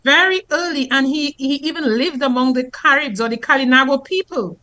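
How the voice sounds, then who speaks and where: A fairly high-voiced woman from Dominica. She speaks as a linguist guest on a radio call-in program. She explains patiently and illustrates her points with spoken examples. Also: a little fast, sharp tone. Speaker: linguist guest and former teacher.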